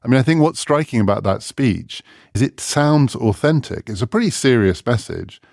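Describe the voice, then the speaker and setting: A man's voice: mid-range voice, expressive, normal speed, creaky, darkish tone, dry recording, studio quality. A man co-hosting a podcast, talking in a thoughtful, reflective way. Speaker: podcast co-host. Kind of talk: conversational discussion.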